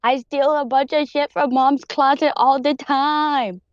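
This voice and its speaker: Woman voicing small earnest kid, high-pitched and dry, muffled line. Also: steady tone, unhurried, dry recording. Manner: high, eager child voice. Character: sweet little girl, earnest and comforting.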